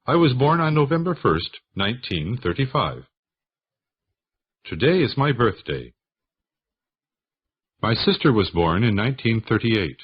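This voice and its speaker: A man slowly reading English practice sentences aloud for learners, one question and answer at a time, in a husky voice. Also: medium pitch, big pitch swings, highs cut off. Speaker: English lesson reader. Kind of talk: slow scripted sentence reading.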